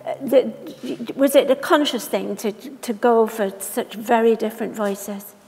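A woman interviewing an author onstage, asking measured, articulate questions. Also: a little high, vocal fry, darkish tone. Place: library event hall. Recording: long reverb from a hall.

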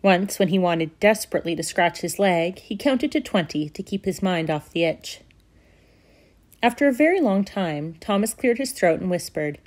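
Storyteller: woman with a lowish voice, steady and expressive read-aloud for church. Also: normal speed. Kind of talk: storybook reading.

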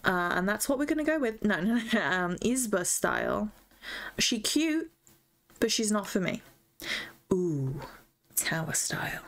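A woman's voice: mid-range voice, expressive, normal speed, a bit bright. A young woman chats her way through a gaming session, gushing and chatty. She talks to herself and to the creatures she meets, squealing over cute things and musing over her choices. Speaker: gaming streamer. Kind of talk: casual gameplay chat.

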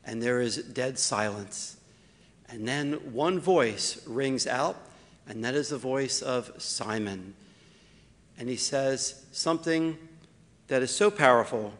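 A man, a priest, preaching a homily with wry asides, slowing down to stress key points. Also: medium pitch, fairly bright tone, in a large hall. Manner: slows down for emphasis, wry asides.

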